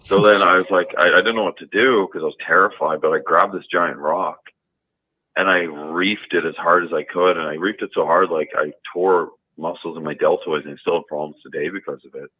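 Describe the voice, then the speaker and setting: Very deep-voiced man on a tinny phone line. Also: steady tone, brisk. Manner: rambling, full of fillers and restarts. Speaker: caller. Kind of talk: telling a personal story on a call-in show.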